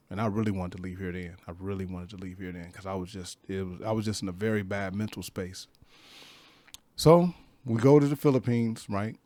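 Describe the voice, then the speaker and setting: A man in his fifties, a guest on a podcast, telling stories in a slangy, profane, animated way in a studio. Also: lowish voice, no echo. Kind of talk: casual storytelling.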